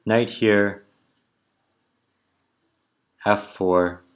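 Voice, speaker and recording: A man's voice: on the low side, fairly even intonation, drawn-out words. A man thinking aloud as he solves chess puzzles, muttering moves in short clipped phrases. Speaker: chess player solving tactics puzzles. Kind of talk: thinking aloud while calculating.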